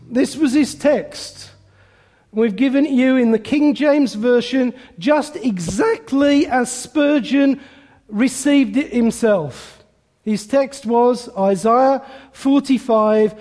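A man's voice: very high-pitched, takes it slowly, darkish tone, big-room sound. A man preaching a sermon, telling a story with chatty asides.

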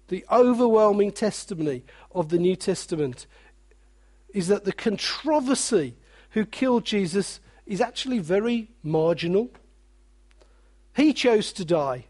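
A man preaching a sermon, animated, with joking asides and quiet, weighty drops. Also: high-pitched.

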